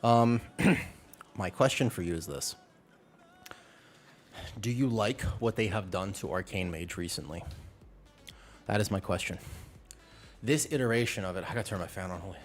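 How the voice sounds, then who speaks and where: A man's voice: deep voice, moderate pace, long pauses, soft background music. A young man streaming a game, slightly out of breath from exercise and joking casually with his viewers. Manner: joking, chatty, talks to viewers. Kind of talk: casual live-stream chat. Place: home room with a fan.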